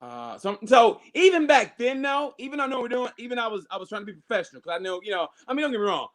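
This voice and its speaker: A man telling a long, profane story in casual podcast chat, animated and full of restarts and acted-out quotes. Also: very high-pitched, very fast.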